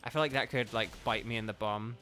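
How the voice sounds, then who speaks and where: A man live-streaming a game, chatting loosely with his viewers, full of ums and quick laughs. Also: mid-range voice, steady tone, sharp tone, soft background music. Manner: rambling, lots of ums and laughs, answers chat. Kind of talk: casual live-stream chat.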